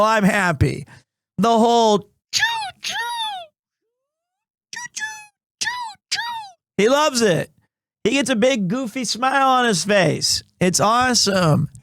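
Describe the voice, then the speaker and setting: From a small home room, a man in his thirties streams live, chatting casually in a rambling, animated way with frequent restarts. His voice is high-pitched with no echo, and he clears his throat while recovering from asthma.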